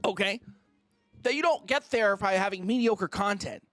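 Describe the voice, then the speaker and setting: A man's voice: high voice, normal speed, a bit bright, no room sound, faint music behind. A man streamer ranting on a casual livestream, mock-indignant and theatrical, who keeps asking "okay?".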